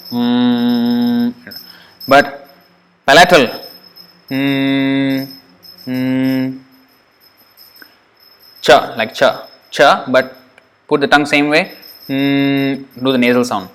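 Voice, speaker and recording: Soft music plays behind a male Sanskrit teacher as he patiently takes the listener through pronunciation sound by sound. His mid-range voice has a fairly bright tone, he drags out and repeats each syllable for clarity, and his plain explanations include an occasional light remark.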